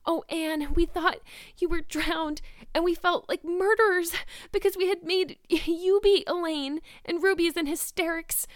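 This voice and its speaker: A woman's voice: very high-pitched, fairly even intonation, a little slow, no room sound, studio quality, voice pushed up. A woman voicing a breathless teenage girl, gasping and tearful. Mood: frantic.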